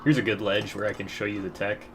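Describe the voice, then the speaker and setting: A man's voice: lowish voice, steady tone, quick pace, noisy background. A young man giving casual gameplay commentary, telling rambling stories in a crude, profane way and often laughing.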